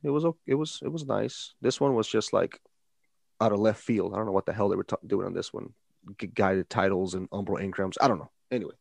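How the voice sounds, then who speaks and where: Creaky-voiced man hosting a gaming podcast. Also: lowish voice, fairly quick, no echo. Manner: rambling, repeats and restarts words, animated emphasis. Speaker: podcast host. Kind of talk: casual gaming podcast chat.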